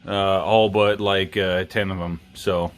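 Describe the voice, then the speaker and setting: A man's voice: low voice, flat delivery, slow pace. A tipsy man hosting a knife review vlog, rambling casually with plenty of swearing and self-mocking jokes.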